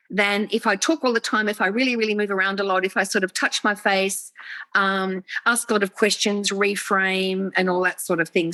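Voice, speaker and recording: A woman's voice: medium pitch, fairly bright tone, dry recording, poor audio. A woman, an executive coach, explaining with animation on a video call and acting out quoted inner voices. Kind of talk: interview talk, explaining.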